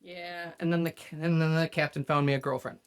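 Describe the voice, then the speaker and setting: A woman's voice: deep voice, fairly even intonation, fairly quick, smooth. A woman hosting a podcast, telling a profane story in casual chat and laughing often. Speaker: podcast host.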